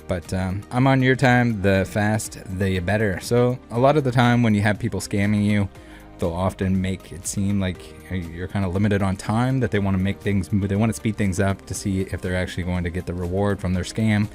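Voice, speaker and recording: A man's voice: on the low side, fairly even intonation, normal speed, hardly any pauses, darkish tone, faint music behind. A man hosting a casual commentary video, talking in a rambling, blunt way with many fillers. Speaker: channel host.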